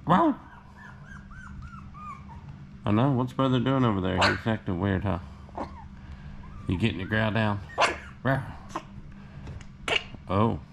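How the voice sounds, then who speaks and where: A man chatting casually to puppies on a vlog, slipping into high sing-song baby talk. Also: measured pace, vocal fry, pauses often, very noisy. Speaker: vlogger showing puppies.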